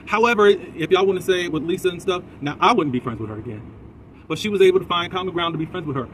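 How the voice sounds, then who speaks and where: Recap host, male, higher voice, animated and opinionated, faint traffic hum behind. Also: fast talker. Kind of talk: casual episode recap commentary.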